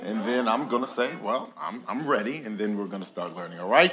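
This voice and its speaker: Animated preacher man with a bright voice. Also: lowish voice, brisk. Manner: playful, jokes with the congregation, calls for responses. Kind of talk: lively sermon with audience call-and-response. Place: church hall with live congregation.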